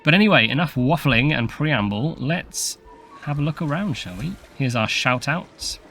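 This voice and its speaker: A man's voice: on the high side, expressive, normal speed, a bit bright, faint music behind. A man hosting a casual video game park tour, chatty and playful, laughing often. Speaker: channel host.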